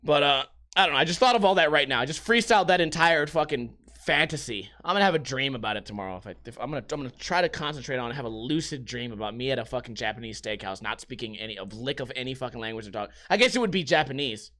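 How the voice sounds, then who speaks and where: A man's voice: medium pitch, lively intonation, quick pace, few pauses, sharp tone. A young man hosting a podcast, rambling through profane, jokey stories in casual chat. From United States. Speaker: podcast host.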